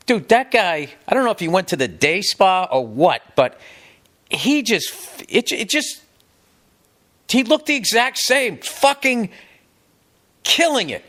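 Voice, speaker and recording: Man, middle-aged, from the US, podcast host, comic rant, swears a lot, slightly high voice. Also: a bit bright. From United States. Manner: profane, rambling, emphatic. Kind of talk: casual comedic monologue.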